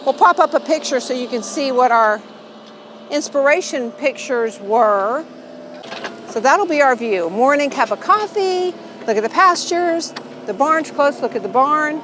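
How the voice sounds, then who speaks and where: A woman vlogging outdoors at a building site, talking with gushing excitement about their house. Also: high-pitched, a little slow, a little hiss or hum, rough recording. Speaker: homestead vlogger. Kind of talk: casual vlog walkthrough.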